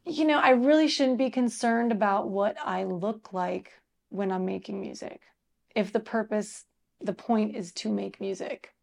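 A woman musician as an interview guest, chatting casually and telling stories in an animated way, laughing often and using many fillers. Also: mid-range voice, a little slow, vocal fry.

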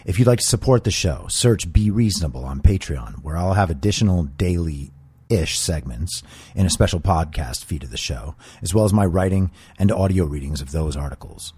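A man with a low, mellow, husky voice hosts a political commentary podcast, speaking bluntly and emphatically into a close microphone. He sounds opinionated, and the recording has no echo.

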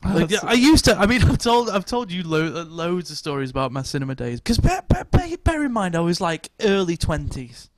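A man telling a lively anecdote in casual chat. He swears, laughs often and stammers over restarts. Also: high-pitched, a little fast, hardly any pauses, dry recording.

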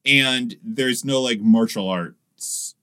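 A young man co-hosting a casual chat podcast, joking around in an animated, playful way. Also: mid-range voice, slow pace. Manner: animated, jokey, playful voice swings. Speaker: podcast co-host.

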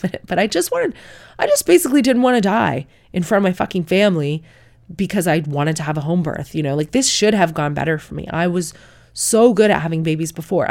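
A woman with a notably low voice tells a story straight to camera in a frank, chatty way. She swears casually and laughs often as she talks. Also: vocal fry, darkish tone. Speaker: mother telling her birth story.

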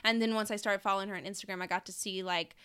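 A woman's voice: medium pitch, fairly even intonation, very fast, sharp tone, clear, resonant tone. A young woman from the American South co-hosting a podcast in casual chat, laughing often and restarting her sentences. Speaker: podcast co-host.

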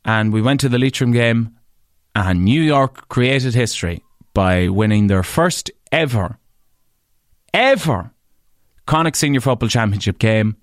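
A man with an Irish accent, a podcast and radio host, tells stories in a casual monologue. He swears freely and jumps up in pitch when he stresses a point. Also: a little slow, pauses often, no echo, studio quality. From Ireland. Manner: animated, swears freely, leaps up in pitch for emphasis.

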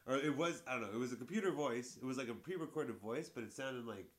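A man's voice: mid-range voice, quick pace, fairly bright tone. A man in a casual chat, telling a story, swearing freely and acting out what people said. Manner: swears freely, acts out quotes.

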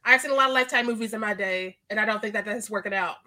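A woman's voice: medium pitch, rapid-fire, bright, forceful tone. A woman co-hosting a podcast, playful and laughing a lot as she chats. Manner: playful, laughs often, dramatic retellings. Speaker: podcast co-host. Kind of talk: casual chat.

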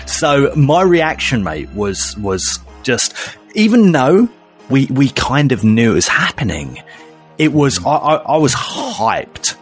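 A man's voice: medium pitch, sing-song, takes it slowly, husky, soft background music. A young man co-hosting a casual podcast chat, effusive and gushing, calling his friend "mate" and "man". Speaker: podcast co-host.

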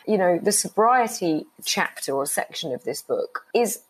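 A woman's voice: lively intonation, moderate pace, breathy edge, low-quality recording. A woman in her forties, a guest in an interview, telling her own story in an earnest way and repeating herself as she goes. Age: 40s. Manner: earnest, repeats herself, swings high when moved. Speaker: guest, writer. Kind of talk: emotional personal interview.

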